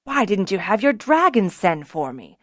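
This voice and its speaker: A woman narrator voicing a proud, sharp-tongued young male wing leader in a fantasy audiobook, clipped and lively. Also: medium pitch, normal speed, no room sound, clean studio sound, lightly acted.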